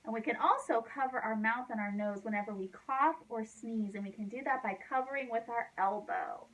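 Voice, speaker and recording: A woman librarian leading a children's storytime, gently coaxing the kids to join in with motions and signs. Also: a little high, a little fast, far from the mic, low-quality recording.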